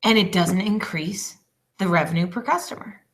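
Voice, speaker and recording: A woman in her twenties, a business coach teaching a casual lesson, chatty and quick to laugh. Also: mid-range voice. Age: 20s. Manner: chatty, laughs often, apologizes.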